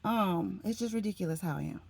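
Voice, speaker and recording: Chatty woman with a gravelly voice. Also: lowish voice, a little fast, darkish tone. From Florida. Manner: chatty and emotional, often says "honey" and "y'all". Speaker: vlogger. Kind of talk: casual chat to camera.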